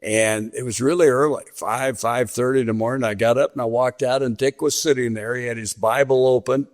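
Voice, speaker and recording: A man's voice: mid-range voice, fairly even intonation, brisk. An older man from western Kansas, a veteran sportscaster telling stories in a sit-down interview and acting out the dialogue he quotes. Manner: vivid storyteller, acts out quoted dialogue.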